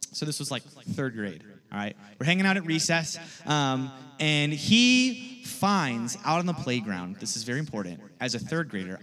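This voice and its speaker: A man's voice: fairly high pitch, fairly bright tone. A young man giving a casual sermon, telling a story in a chatty way and often checking in with "all right?". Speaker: youth pastor.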